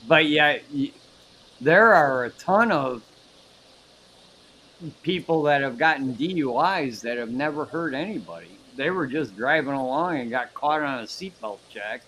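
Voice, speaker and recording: A man's voice: mid-range voice, bright, forceful tone, poor audio. A man in casual livestream chat, voicing strong opinions with frequent stumbling restarts. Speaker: livestream participant.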